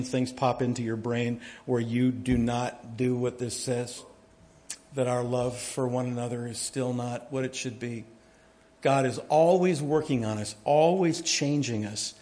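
A man preaching a sermon, telling folksy stories and jokes, his volume swinging from quiet to loud as he gets animated. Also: mid-range voice, normal speed. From United States. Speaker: pastor.

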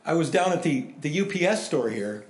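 A man preaching a sermon in a conversational, animated way, swinging between loud emphasis and hushed asides. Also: on the high side, moderate pace, reverberant. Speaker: pastor.

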